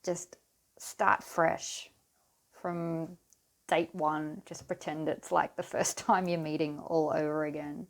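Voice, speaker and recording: A woman giving a pick-a-card tarot reading to her viewers, talking in an unhurried, soothing way and speaking to them directly. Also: low-pitched, level tone.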